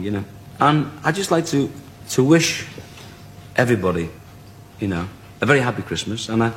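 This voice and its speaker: A man's voice: medium pitch, slight background noise. A man appearing as a comedian guest on a talk show, clowning and giggling with mock-humble asides. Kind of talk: playful talk show banter.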